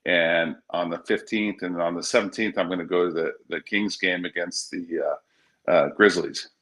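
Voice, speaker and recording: Friendly guy calling in, really low voice, sounds far off on the line. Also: steady tone, moderate pace, fairly bright tone. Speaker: caller. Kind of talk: casual phone chat.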